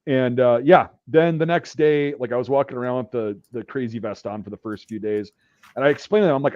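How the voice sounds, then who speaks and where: A man casually spinning a long profane anecdote, full of fillers and restarts. His voice is mid-pitched and sits in a dull, dry recording. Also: brisk, darkish tone, dry recording. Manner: profane, rambling anecdote telling. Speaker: podcast host. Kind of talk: casual storytelling.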